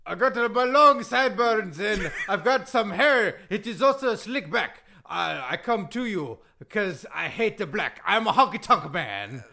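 A man's voice: high voice, animated, a little slow, gravelly, hardly any pauses, pushed and bright, exaggerated voice. A man doing an impression of a cocky male wrestler, half-singing his entrance lyrics in a comedy bit. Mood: swaggering.

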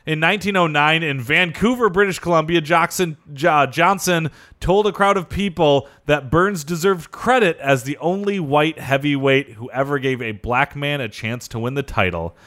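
A man's voice: fairly high pitch, moderate pace, hardly any pauses, a bit bright. A man co-hosting a comedy sports podcast, reading history facts in between jokes. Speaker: podcast co-host. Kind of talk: casual comedy podcast chat.

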